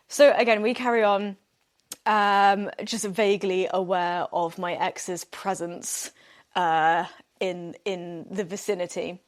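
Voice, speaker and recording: A woman's voice: medium pitch, a little slow. A young woman, hosting a podcast and telling a personal story in a chatty, self-deprecating way, laughing often. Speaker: podcast host. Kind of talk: candid storytelling monologue.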